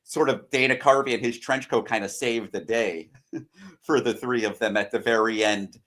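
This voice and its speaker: A man's voice: mid-range voice, moderate pace, a bit bright. An American man in a casual film-discussion chat, giving long, rambling explanations. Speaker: podcast co-host or guest.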